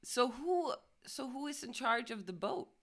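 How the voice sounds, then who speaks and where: A woman co-hosting a casual chat, teasing her partner with quick questions and frequent giggles. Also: on the high side, expressive, a bit bright. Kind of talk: casual banter.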